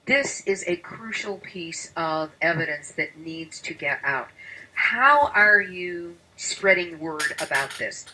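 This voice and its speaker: A woman's voice: on the low side, expressive, takes it slowly, bright, forceful tone, slight background noise. A woman hosting a radio-style podcast, earnest and emphatic as she questions and thanks her guest. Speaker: podcast host.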